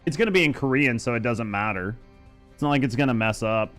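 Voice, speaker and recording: A man's voice: mid-range voice, animated, fast talker, fairly bright tone, soft background music. A young adult man streaming a game, bantering loosely with chat, swearing and joking. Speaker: streamer and gaming host. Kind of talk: casual live-stream chat.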